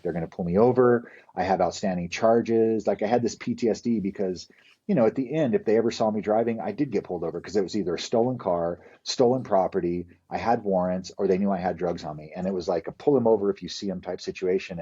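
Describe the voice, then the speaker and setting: A middle-aged man with a low, husky voice talks through his past in a loose, rambling way, dropping curses as he goes. His tone is dark and mellow. The recording is dull and lo-fi. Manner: candid, profane, rambling storyteller. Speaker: podcast guest. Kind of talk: casual storytelling interview.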